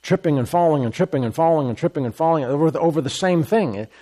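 Preaching man, higher voice. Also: lively intonation, quick pace, dark tone. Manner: emphatic, repeats phrases, reads scripture aloud. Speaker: pastor. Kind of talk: sermon.

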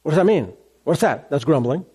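A man preaching a sermon as a pastor, animated, acting out complaining voices along the way. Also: fairly high pitch, a little fast, slightly rough.

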